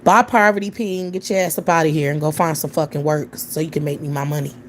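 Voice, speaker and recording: A woman's voice: low voice, steady tone, fast, a little hiss or hum. A woman hosting a livestream, ranting bluntly with heavy profanity. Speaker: livestream host. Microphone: computer or phone mic on a livestream.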